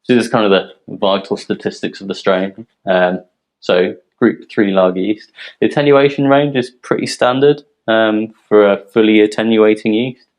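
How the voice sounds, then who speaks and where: A man from a yeast company presenting technical details in a relaxed, explanatory way, with frequent ums. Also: on the low side, normal speed, poor audio. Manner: explanatory, filler-heavy, relaxed.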